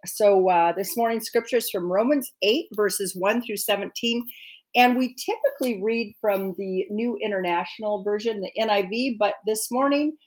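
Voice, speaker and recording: A woman's voice: medium pitch, normal speed. A woman co-hosting a church service, chatting casually and then reading a Bible passage aloud. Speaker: scripture reader, co-host.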